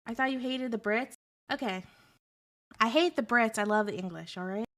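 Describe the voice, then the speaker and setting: Young female streamer, casual and sarcastic, bantering with chat in a fairly high voice. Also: normal speed, a bit bright. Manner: sarcastic, joking, answers chat.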